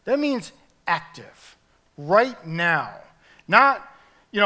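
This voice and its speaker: A male pastor preaching a sermon in an animated, emphatic way, pushing his voice up at key points. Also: high voice, very slow, pauses often.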